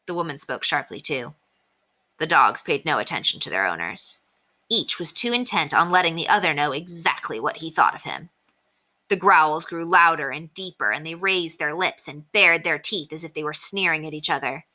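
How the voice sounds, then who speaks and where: A woman teacher reading a children's chapter book aloud in an expressive storytelling manner. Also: sits low, moderate pace.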